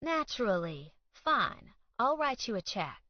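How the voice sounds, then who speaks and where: An exasperated young woman, as a female narrator reads her, politely sarcastic and increasingly fed up. She sits a bit higher than the narration. The sound is dry and slightly dull. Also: very animated, a little slow, dry recording. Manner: polite but irritated, sarcastic.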